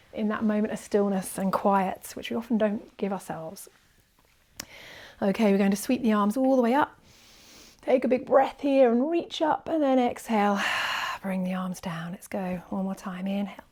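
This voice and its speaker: A woman teaching a guided yoga class, gentle and encouraging, often dropping to a soft near-whisper while counting breaths. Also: a little high. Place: indoors, quiet room with birds faint outside.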